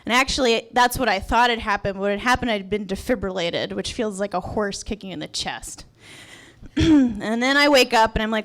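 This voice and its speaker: A woman's voice: medium pitch, normal speed. A young adult woman telling a personal story at a live event in a restaurant, candid and wry with a sarcastic edge.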